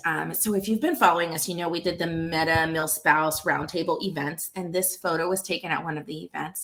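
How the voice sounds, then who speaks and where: A chatty woman in her thirties tells a story in a casual way. Her voice sounds bright, and she talks with lots of fillers. She acts out the dialogue she quotes. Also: on the low side. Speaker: association founder and CEO.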